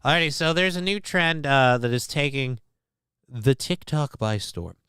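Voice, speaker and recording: A man's voice: medium pitch, animated, unhurried, pushed and bright, clean tone, no echo, clean studio sound. A man hosting a livestream, reading news stories aloud to his chat and cutting in with sarcastic, profane jokes. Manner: sarcastic, profane, joking asides. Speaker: livestream host.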